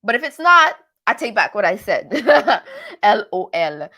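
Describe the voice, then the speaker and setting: A woman's voice: mid-range voice, a little slow. A young woman from Quebec with a mixed French-Canadian accent, hosting a casual livestream recap and reading out chat. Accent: Quebecois French-Canadian mix. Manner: chatty, animated, repeats herself often. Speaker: recap show host reading live chat.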